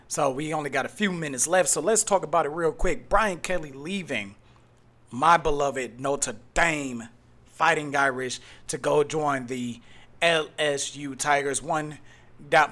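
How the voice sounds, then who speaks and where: A man from Cleveland, Ohio hosting his own podcast, talking casually and breaking into loud mocking outbursts. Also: mid-range voice. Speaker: podcast host. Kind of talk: casual solo podcast talk.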